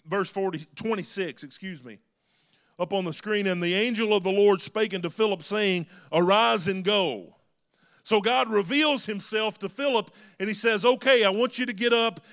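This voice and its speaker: Male pastor, high pitched, smooth clear voice, earnest sermon in a church. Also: a bit bright. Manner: earnest preaching, rising to emphatic calls. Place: church sanctuary.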